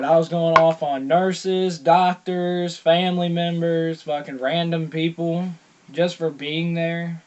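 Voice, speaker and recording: A young man with a drawl tells a long, rambling story straight to his camera. His voice sits a bit high for a man, and he swears in nearly every breath. A faint hiss of noise runs under the phone-style recording. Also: muffled recording. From Georgia, US. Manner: profane, rambling, heavy swearing; loud reenacted quotes. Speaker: vlogger. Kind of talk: casual storytelling monologue.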